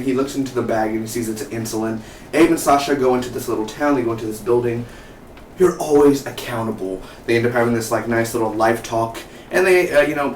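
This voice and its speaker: Chatty male reviewer, rambling and excitable, roomy recording with faint background hiss. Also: medium pitch. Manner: excitable and rambling, asks viewers questions. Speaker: TV show reviewer. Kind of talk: casual review vlog. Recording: roomy, distant mic, faint noise.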